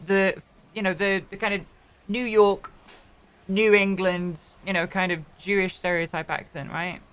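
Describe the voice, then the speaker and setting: A woman's voice: fairly low pitch, a bit bright, smooth. A woman streamer chatting casually while roleplaying, rambling with many restarts and the odd swear. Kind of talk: casual chat.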